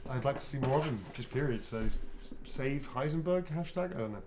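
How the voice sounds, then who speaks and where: A man's voice: mid-range voice, fairly quick. A middle-aged man, an actor, chatting casually and rambling with frequent laughs while he signs autographs. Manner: relaxed, rambling, laughs often. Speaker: actor guest signing autographs. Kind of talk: casual chat while signing. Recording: roomy echo, faint background hum.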